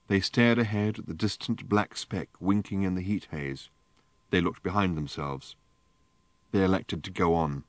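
A man narrating an audiobook in a measured, dry storytelling manner. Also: fairly low pitch, no echo. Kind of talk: scripted narration.

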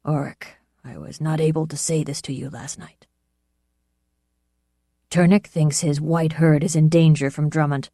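A woman's voice: low voice, fairly even intonation, warm tone, dry recording, studio quality. A woman reading the part of a grave, weary older man who speaks laboriously. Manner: laborious, measured speech.

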